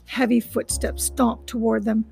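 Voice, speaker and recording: Female storybook reader with a gravelly edge, brisk read-aloud delivery. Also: fairly high pitch, little pitch movement, a little mellow, soft background music. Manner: recaps chapters casually, then reads briskly. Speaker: reader of a children's novel. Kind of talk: reading a book aloud.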